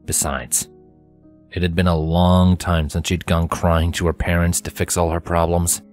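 A man reading fanfiction aloud in steady storytelling narration. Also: low voice, normal speed, faint music behind. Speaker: fanfiction reader. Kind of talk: scripted narration.

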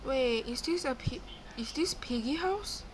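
A young woman giving live gameplay commentary, excitable and chatty, talking back to game characters. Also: high-pitched, unhurried, a little hiss or hum. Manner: excitable, screams and gasps, talks to game characters. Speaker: gaming YouTuber.

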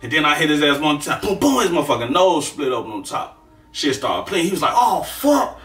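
A man's voice: fairly high pitch, lively intonation, fast, bright, forceful tone, soft background music. A man telling a story in a casual, profane and emphatic way, acting out the fight with punch sounds. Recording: echoey room, far from the mic.

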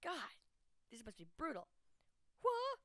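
Woman gamer, high and very lively voice, excitable chatty commentary, dry close sound. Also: slow pace, dry recording. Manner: excitable and chatty, jumping from yelps to low mutters. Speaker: gamer hosting her own channel. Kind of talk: casual gameplay commentary.

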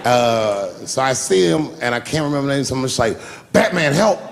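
A man's voice: medium pitch, a little fast, gravelly, a crowd in the background. A man doing stand-up comedy, telling a long story loosely and profanely and acting out the people in it. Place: live comedy stage.

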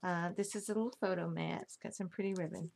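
Gravelly, flat-voiced woman showing crafts. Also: lowish voice, fast, a little hiss or hum. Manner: gushing, admiring each detail. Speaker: crafter showing a handmade album. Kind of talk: casual craft show-and-tell.

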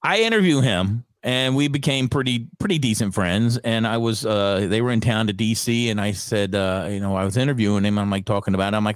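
A middle-aged radio personality telling stories in a relaxed interview, acting out the voices of people he quotes. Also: on the low side, a little fast, hardly any pauses, clean tone, dry recording, studio quality. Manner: animated, acts out quoted dialogue. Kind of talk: conversational storytelling.

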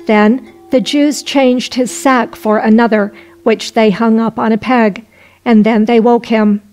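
Slow, high-voiced woman reading folk tales. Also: low-quality recording. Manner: slow, even-paced reading. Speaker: narrator. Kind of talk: storybook narration. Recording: faint music underneath.

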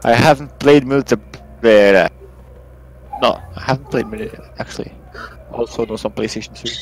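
A man's voice: medium pitch, moderate pace, rough recording. A man chatting offhandedly and swearing while playing a co-op shooter with friends. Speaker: gamer. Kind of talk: casual co-op game chat.

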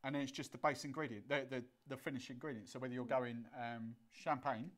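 A woman's voice: very deep voice, steady tone, a little fast. A woman hosting a live cocktail show, chatting and joking easily and laughing often. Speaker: host and cocktail instructor. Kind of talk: casual live-stream chat.

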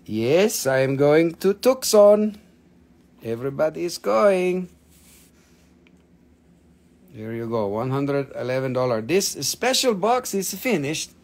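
A man's voice: a little high, big pitch swings, slow pace, long pauses, darkish tone. Swearing, joking man selling rocks live. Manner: joking, blunt, swears freely, non-native phrasing. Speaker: live-stream seller of minerals. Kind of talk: casual live sales stream.

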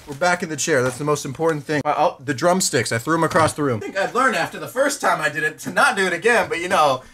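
A young man narrating his gameplay at home, excitable and self-mocking, shouting and laughing often. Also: a little high, a little hiss or hum. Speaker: gaming YouTuber. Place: home room. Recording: music playing underneath.

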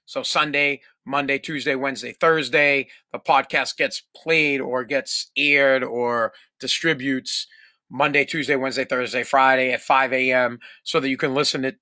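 Male podcast host, profane exasperated rant, bright tone, dry close sound. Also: medium pitch, no room sound. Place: home.

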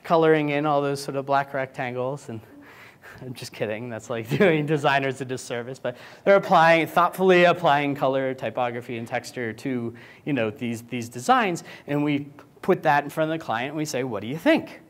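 A man speaks from a conference stage in an easy, joking way, in a voice of middle pitch. He keeps the talk loose and chatty. Now and then he jumps into quick, higher voices to act out clients and coworkers. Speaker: keynote speaker.

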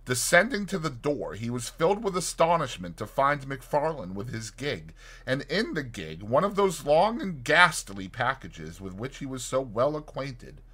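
A man reading a short story aloud as audiobook narrator, in a dramatic and expressive scripted narration. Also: mid-range voice, measured pace, slightly rough.

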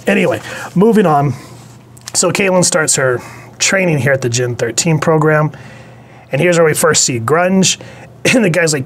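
A man's voice: fairly high pitch, normal speed, long pauses, a bit bright, a little hiss or hum. A man giving a casual spoken comic book review, chatty and digressive, blunt, with casual swearing.

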